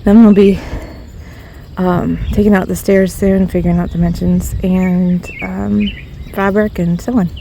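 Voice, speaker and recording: A woman's voice: lowish voice, little pitch movement, unhurried, gravelly, warm tone, slight background noise. A woman from Ohio chatting casually while she does heavy garden work outside, out of breath and laughing at herself now and then. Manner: chatty, self-deprecating, laughs often. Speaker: DIY garden vlogger. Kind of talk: casual vlog narration while working outdoors. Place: outdoor backyard garden.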